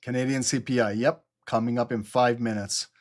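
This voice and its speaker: A man's voice: mid-range voice, fairly even intonation, normal speed. Man giving live market commentary. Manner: explanatory, often checks in with "okay?"; reads out viewer chat and answers it. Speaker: trading livestream host.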